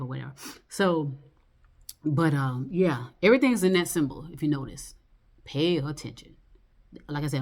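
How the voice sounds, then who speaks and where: A woman's voice: deep voice, fairly bright tone. A woman talking in a loose, rambling monologue, full of fillers, restarts and swearing. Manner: rambling, loose and profane, lots of fillers and laughs.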